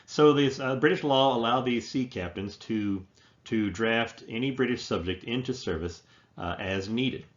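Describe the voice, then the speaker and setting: A man teaching a history lecture, talking in halting phrases full of fillers and restarts. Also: mid-range voice, lo-fi sound. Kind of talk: classroom lecture.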